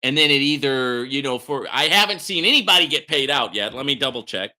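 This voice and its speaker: A male livestream host talks in a bright, sharp, forceful voice, swinging widely in pitch as he reads out a report. He mocks it in a sarcastic, animated way, with sudden jumps in loudness. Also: brisk. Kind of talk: live-stream commentary reading out a report.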